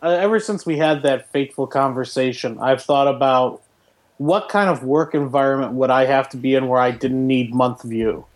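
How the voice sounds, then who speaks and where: A man co-hosting a casual tech podcast, a professor who talks in an animated, wry, self-mocking way. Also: medium pitch, moderate pace, slight background noise.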